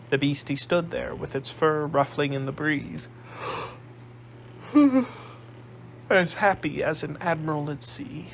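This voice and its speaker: A man narrating an audiobook in a measured storytelling manner. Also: on the high side, creaky, a little hiss or hum, rough recording.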